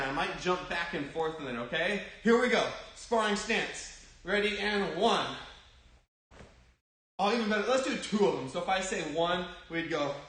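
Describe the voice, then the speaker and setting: A man's voice: high-pitched, fairly bright tone. Upbeat man calling punch drills. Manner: upbeat, encouraging, calls out drill commands. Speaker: martial arts instructor. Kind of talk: kids' online martial arts class. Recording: very echoey room.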